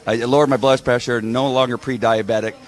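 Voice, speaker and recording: A man's voice: mid-range voice, steady tone, a little fast. A man hosting a casual live stream from a restaurant bar, chatting with viewers and rambling as he reads their comments. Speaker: livestream host.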